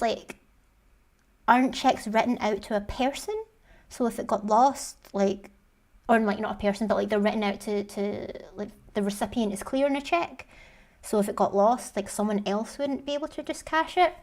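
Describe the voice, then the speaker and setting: A woman's voice: medium pitch, a little mellow. A woman hosting a video, casually retelling a story in a chatty way, full of "like" and swearing. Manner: chatty, swears often, says "like" a lot. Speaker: video host.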